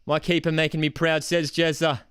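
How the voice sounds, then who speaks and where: A young man hosting a live football watchalong, celebrating loudly and reading out chat messages. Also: fairly high pitch, flat delivery, a little fast, clear, resonant tone, no room sound, clean studio sound. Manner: ecstatic, shouting, calls everyone man and dude.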